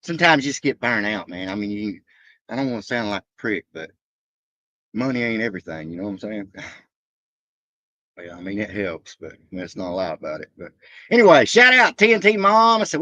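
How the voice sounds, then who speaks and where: A man live-streaming from a truck stop, rambling excitedly and cursing loosely while shouting out his viewers. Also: fairly low pitch, a little fast, no echo. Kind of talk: casual rambling livestream chat.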